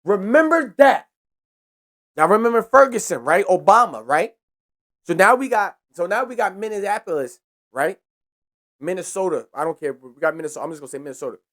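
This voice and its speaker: A man's voice: high-pitched, expressive, fairly quick, fairly bright tone. Young man, podcast host, heated profane rant, repeats himself for emphasis. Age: young adult. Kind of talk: casual ranting monologue.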